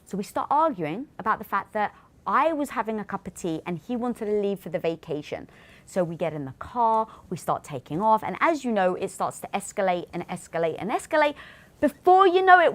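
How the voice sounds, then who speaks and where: A British woman in her forties, co-hosting a casual livestream and telling a story with lively acted-out quotes. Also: fairly quick. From Britain. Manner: animated storytelling, acts out quotes with big pitch jumps. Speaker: co-host.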